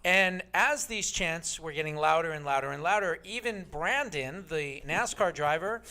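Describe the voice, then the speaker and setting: A man's voice: on the high side, animated, moderate pace, bright, forceful tone. A man co-hosting a political talk radio show, telling a story in an indignant, emphatic way.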